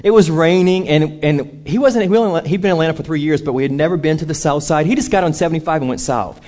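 A man's voice: fairly high pitch, fast talker, a little mellow. A man preaching a sermon, telling a personal story and acting out the voices of the people in it.

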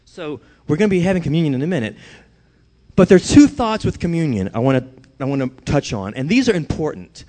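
A man with a notably high voice delivers a sermon to his congregation. He is middle-aged and talks in a loose, conversational way, then swells into emphatic declarations to drive his points home. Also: sing-song, fast talker, dark tone. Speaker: pastor.

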